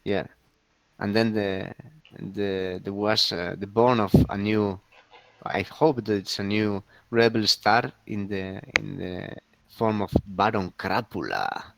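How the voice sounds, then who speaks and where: A man co-hosting a casual game league recap, talking with many pauses and restarts. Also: on the low side, creaky, fairly bright tone. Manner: hesitant, many fillers and restarts.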